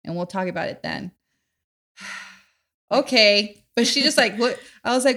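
A woman in her thirties hosts a relaxed podcast conversation. Her voice is bright and ringing, and she tells stories with energy, jumping up high when she acts out other people. She laughs often as she talks. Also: moderate pace. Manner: animated storyteller, acts out voices with loud high bursts and laughter. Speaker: podcast host. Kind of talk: casual chat.

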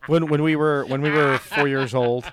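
A man's voice: a little high, fairly even intonation, moderate pace, crowd noise. A man co-hosting a podcast in casual chat, mostly chiming in with short reactions.

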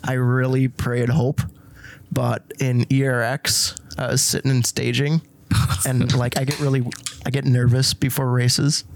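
A man guest on a podcast, speaking haltingly with many restarts. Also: mid-range voice, flat delivery, vocal fry. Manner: halting, hesitant, restarts often. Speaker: racing guest. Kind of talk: casual podcast chat.

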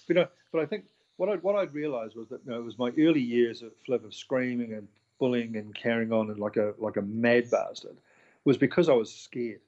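Here the chef-restaurateur, middle-aged, has a mid-range voice and a brisk delivery, with the highs cut off in the audio. Candid and animated, he spins stories in a casual interview, mimicking voices and swearing from time to time.

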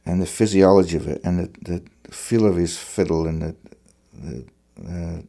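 A man's voice: deep voice, steady tone, normal speed, gravelly, dark tone. A male fiddler in conversation, talking thoughtfully and searching for his words as he describes how he plays. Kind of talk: conversational reflection on music.

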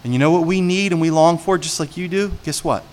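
A fast-talking man from New Jersey, his voice a little high, gives a sermon as pastor full of animated stories and questions for the congregation.

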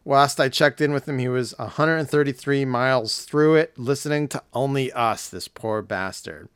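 A hoarse man hosting a podcast, chatting casually in a rambling, jokey way with some swearing. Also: mid-range voice, normal speed, no echo, clean studio sound. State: hoarse, voice nearly gone. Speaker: podcast host.

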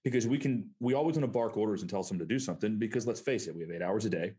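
A man's voice: fairly low pitch, animated, rapid-fire, mellow. A man talking in a casual conversation, earnest and reflective as he explains his point.

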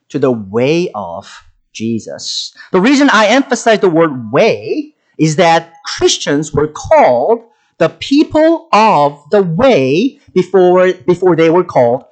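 A man's voice: fairly high pitch, low-quality recording. A man preaching a sermon, talking with many fillers and restarts. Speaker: pastor.

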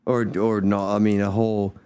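A man's voice: fairly low pitch, moderate pace, clear, resonant tone. A man co-hosting a radio show, trading jokes in casual banter. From Nashville, USA. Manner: joking, lively banter. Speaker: co-host.

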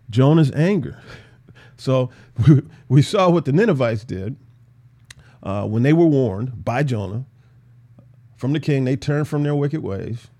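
A man teaching through a Bible passage in a casual, animated way, acting out the characters' lines. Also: mid-range voice, vocal fry. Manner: animated, voices biblical characters, laughs often.

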